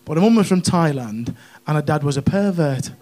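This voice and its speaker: A middle-aged man with a northwest English accent performs a stand-up set on a comedy club stage. His voice sits fairly high for a man. He talks in a chatty, cheeky way and keeps checking in with tag questions. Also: animated, brisk, background noise. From Runcorn, northwest England.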